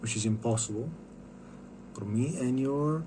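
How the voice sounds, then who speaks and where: A man's voice: mid-range voice, unhurried, mellow, slight background noise. A man talking in a casual vlog monologue, rambling and profane with lots of stammered restarts.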